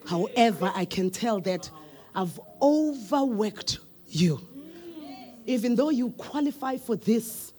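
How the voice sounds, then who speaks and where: A woman with a South African accent putting on a calm office manager who is gently handing out work. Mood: gently soothing. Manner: low, gentle, measured.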